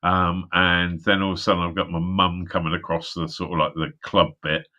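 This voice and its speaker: A man with a deep yet bright, forceful voice, talking in a loose, rambling way. He laughs a lot and swears constantly as he chats on a live stream. It sounds like a video call. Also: level tone, fairly quick, dull audio. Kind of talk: casual chat.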